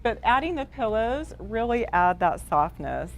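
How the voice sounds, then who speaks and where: A woman's voice: fairly high pitch, very animated, measured pace. A woman co-hosting a home decor class, agreeable and enthusiastic about the pieces. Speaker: co-host designer.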